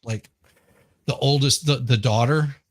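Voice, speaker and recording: A man's voice: mid-range voice, measured pace, dry recording, studio quality. A man chatting casually on a live stream, rambling and restarting as he searches for names. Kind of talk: casual chat.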